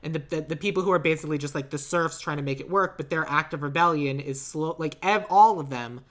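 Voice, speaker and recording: A man co-hosting a casual movie podcast, rambling with lots of fillers and quick to laugh. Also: fairly high pitch, a bit bright. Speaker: podcast co-host.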